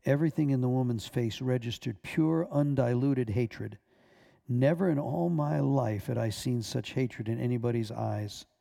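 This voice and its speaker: A man who is a minister, reading a personal testimony aloud in a measured way, with small stumbles. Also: mid-range voice, gravelly, mellow.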